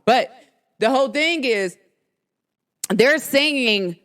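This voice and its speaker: Woman, young adult, New Jersey–New York accent, animated, slangy, solo podcast talk. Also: mid-range voice. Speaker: podcast host. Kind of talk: casual solo podcast monologue.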